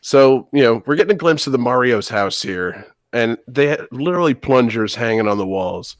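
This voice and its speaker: A man hosting a casual movie commentary, sarcastic and quick to laugh. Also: mid-range voice, animated, dry recording, clean studio sound. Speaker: podcast host.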